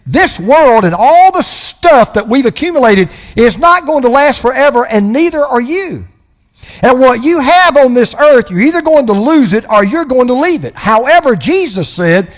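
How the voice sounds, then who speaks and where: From the pulpit, an older man preaches emphatically, slowing down to stress the lines that matter. His high voice swings widely in pitch, and a long reverb from the large church hall trails each phrase.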